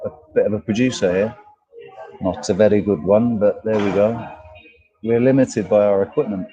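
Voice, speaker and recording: Broadcasting outdoors in a park, this livestream co-host is a man with a lowish, dark voice. He reads comments, greets viewers by name and keeps up jokey, sweary banter. The recording is rough.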